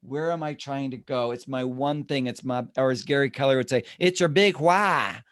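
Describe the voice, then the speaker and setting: A man's voice: mid-range voice, brisk, clean tone. A man leading a real estate team meeting, talking animatedly and acting out the people he quotes. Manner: animated, acts out quoted voices.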